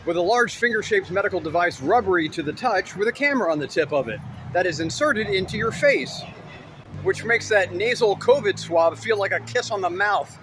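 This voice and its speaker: A man's voice: high-pitched, background noise. A man telling a personal story as a comic monologue, wry and self-mocking with jokey asides.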